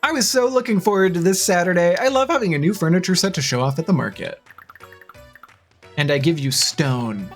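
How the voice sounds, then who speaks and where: Chatty, expressive game streamer. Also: medium pitch, brisk. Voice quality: chatty, expressive, with gasps and laughs. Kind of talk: live-stream chat and reading game dialogue aloud. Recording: faint game music underneath.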